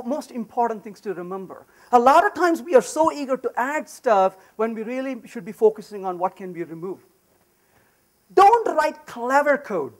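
Animated high-voiced male tech speaker. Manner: animated, emphatic, storytelling. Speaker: conference speaker. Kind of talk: lively technical talk with personal anecdotes. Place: conference session room.

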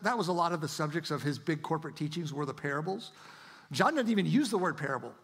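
A man's voice: a little high, slightly rough. A man preaching a sermon in an earnest style, often repeating and restarting words as he builds to emphatic declarations. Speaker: pastor.

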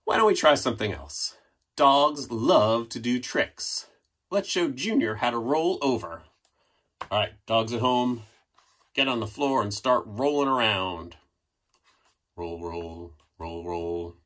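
A man's voice: medium pitch, lively intonation, measured pace, a bit bright. A man hosting a children's storytime, reading aloud playfully with sound effects and prompts for the audience at home. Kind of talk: read-aloud storytime for kids.

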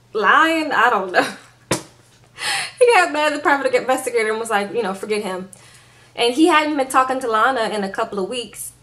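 Sassy woman recapping a show. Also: a little high. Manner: sassy, animated, laughing asides. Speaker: reality TV recap vlogger. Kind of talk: casual episode recap.

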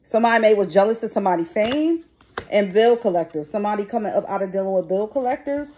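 A middle-aged woman doing a casual tarot reading, blunt and chatty, with curses dropped in freely. Her voice sits at an ordinary middle pitch for a woman. Clear noise runs behind her throughout. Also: lively intonation, quick pace, a little mellow. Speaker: tarot reader. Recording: noisy background.

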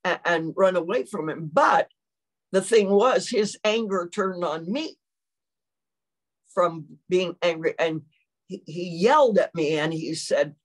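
A woman's voice: on the low side, expressive, slow. An older woman, preaching a sermon and telling a personal story with lots of acted-out quotes.

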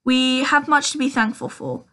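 A woman reading the part of a calm, gentle old male wizard headmaster in a storybook, with small slips. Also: high-pitched, normal speed.

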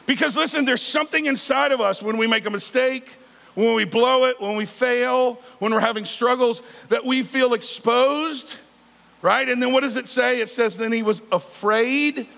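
This man's pitch is extremely high, creaky and a bit bright, as he delivers a joking, conversational sermon. He's a pastor in his 50s who keeps prompting the congregation, and the large sanctuary gives a long, reverberant hall sound.

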